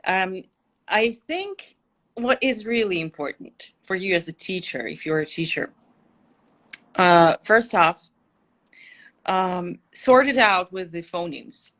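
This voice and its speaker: A woman's voice: on the low side, animated, takes it slowly, pauses often, fairly bright tone. Confident woman with a Russian mother tongue. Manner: confident, explanatory, teacherly. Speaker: guest linguist and accent coach. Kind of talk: livestream interview.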